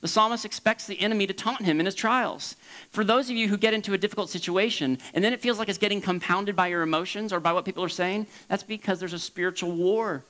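A man from Florida preaching as a pastor, leaping up high for emphasis and dropping to a soft hush for reflection. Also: quick pace, poor audio. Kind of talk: sermon.

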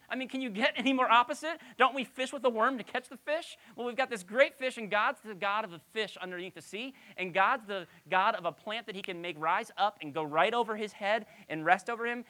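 A woman pastor delivers a conversational sermon with a clear, bright tone. Her pitch rises and falls widely as she poses rhetorical questions to her listeners, keeping the teaching lively and animated.

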